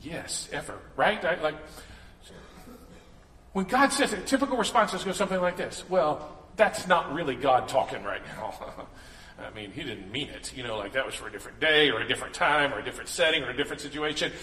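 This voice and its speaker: A man's voice: on the high side, animated, quick pace, sharp tone, slight background noise. A man preaching a sermon in a casual, joking way, acting out the voices he quotes. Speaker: pastor. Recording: echoey hall, long reverb.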